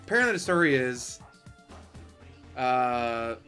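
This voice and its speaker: A man's voice: medium pitch, very animated, takes it slowly, bright, forceful tone. A man ranting casually on a live stream, swearing a lot, laughing often and mocking the people he talks about. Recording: faint music behind.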